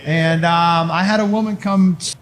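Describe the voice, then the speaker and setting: A man's voice: on the high side, fairly even intonation, normal speed. A man telling a stand-up story on stage, acting out other people's voices and sound effects. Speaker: stand-up comedian. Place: live comedy club.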